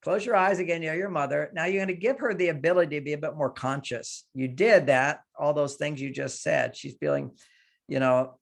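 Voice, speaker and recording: A man's voice: on the high side, steady tone, brisk, creaky. A man leading an emotional coaching session, emphatically voicing anger in the first person to demonstrate the exercise.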